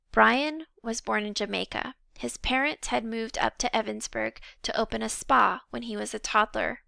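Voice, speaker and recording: Gravelly bright-voiced woman reading a storybook. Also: a little high, fairly even intonation, moderate pace, few pauses, no room sound. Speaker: audiobook reader. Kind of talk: storybook narration.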